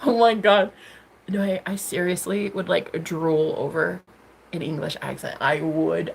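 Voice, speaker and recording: A woman's voice: on the low side, fairly even intonation, measured pace, gravelly, a little hiss or hum. A young American woman hosting a casual livestream, chatting to viewers with a bubbly, giggly, teasing manner. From United States. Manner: bubbly, giggly, teasing, swings between loud squeals and murmurs. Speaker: livestream host. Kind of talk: casual livestream chat reading comments.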